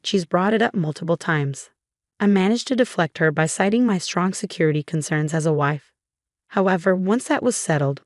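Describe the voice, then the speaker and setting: A woman reading a first-person story as narrator, in an even, measured way. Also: fairly low pitch, no room sound, studio quality.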